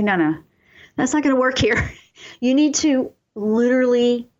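A woman hosting a radio talk show on spiritual self-help, coaching listeners earnestly and slowing down for affirmations. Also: mid-range voice, dull audio.

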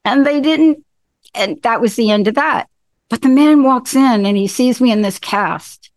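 A woman's voice: fairly high pitch, a little slow, darkish tone, no echo. A woman hosting a talk show in casual chat, enthusiastic, often repeating and restarting her phrases. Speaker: show host.

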